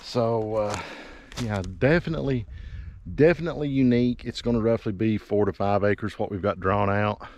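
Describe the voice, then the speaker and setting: A man's voice: on the low side, moderate pace, darkish tone. A man, walking a piece of land outdoors and talking casually as a realtor, out of breath and rambling with many fillers. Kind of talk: casual walking property tour. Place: outdoors by a river and hillside.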